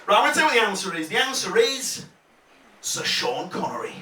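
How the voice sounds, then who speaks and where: A man from Leeds compering a live comedy night, bantering and laughing as he swings between mutters and shouts. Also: high voice, very animated, fast talker. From Leeds, England. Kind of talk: live stand-up crowd work. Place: comedy club stage. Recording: echoey club, distant mic, loud noise.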